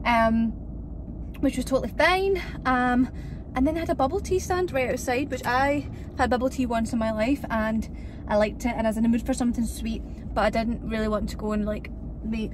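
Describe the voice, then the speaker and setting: A woman's voice: a little high, background noise. A young woman from Scotland chatting casually to the camera in a vlog, joking with herself as she drives around and shows her home. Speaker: vlogger.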